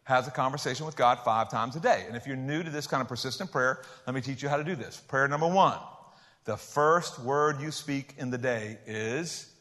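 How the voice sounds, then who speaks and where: An older man preaching a sermon in a folksy, joking way, swinging between loud emphasis and soft asides. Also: medium pitch, moderate pace. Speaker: pastor. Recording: hall reverb.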